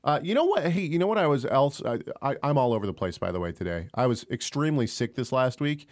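A young man co-hosting an online radio talk show, rambling from one joke to the next and laughing as he goes. His voice sits at an ordinary middle pitch, and the talk is loose and casual. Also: sing-song, quick pace. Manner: joking, rambling, laughs often. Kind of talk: casual chat.

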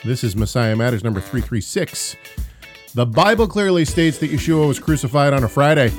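A man's voice: medium pitch, expressive, fairly quick, faint music behind. A man co-hosting a casual talk show, rambling through announcements and banter with frequent restarts and easy laughter. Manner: rambling, self-correcting, laughs easily. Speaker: podcast co-host.

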